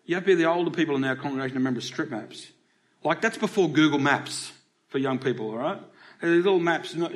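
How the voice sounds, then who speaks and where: A middle-aged man with an Australian accent preaches in church, his voice sitting a little high for a man. He keeps it conversational, throwing questions out to the congregation as he goes. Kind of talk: sermon.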